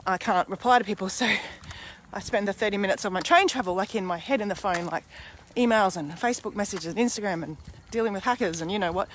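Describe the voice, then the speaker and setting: A woman in her forties talking candidly to camera in a rambling, casual personal monologue, now and then swearing mildly. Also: medium pitch. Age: 40s. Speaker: vlogger and podcaster.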